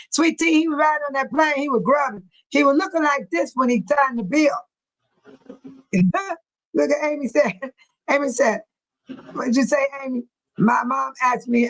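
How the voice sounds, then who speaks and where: Laughing, teasing woman with a high voice. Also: fairly bright tone, poor audio. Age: older. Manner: laughs often, teasing, calls out viewers by name. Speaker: livestream host reading chat. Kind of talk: casual chat.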